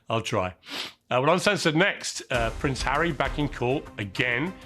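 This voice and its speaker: A man hosting a news talk show, croaky from illness, putting direct, leading questions to his guest. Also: mid-range voice, animated, measured pace, pushed and bright, soft background music. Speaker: host.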